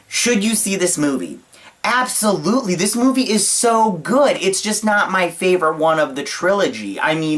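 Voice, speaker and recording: A man hosting his own channel, giving a casual spoken movie review in a gushing, excitable way, with a lot of uh and like fillers. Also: a little high.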